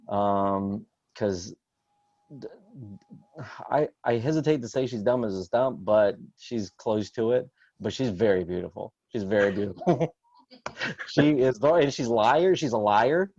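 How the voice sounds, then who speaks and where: A man's voice: on the low side, dry recording, muffled recording. A man in his thirties doing a rambling stand-up set over a video call, hesitant with many fillers. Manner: rambling, hesitant with many fillers, jumps loud for quoted outbursts. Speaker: stand-up comedian.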